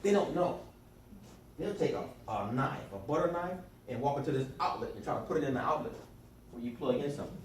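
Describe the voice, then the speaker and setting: Lively male workshop coach in an echoey room. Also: a little fast. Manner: lively storyteller, acts out quotes in high voices, sarcastic. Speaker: sales and life coach leading a workshop. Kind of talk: animated workshop talk to a small group. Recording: echoey room from far off, clear background noise.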